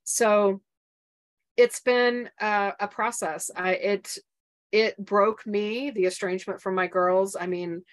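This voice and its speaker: A middle-aged woman, guesting on a podcast as a coach for mothers, relates a painful personal story during an interview. She speaks earnestly in a medium-pitched, steady voice, halting and restarting many times.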